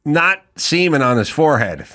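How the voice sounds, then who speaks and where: A man's voice: on the high side, sing-song, normal speed, pushed and bright. A man from the San Fernando Valley hosting a casual podcast chat, telling stories in a laid-back way and laughing easily. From San Fernando Valley, California. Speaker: podcast host.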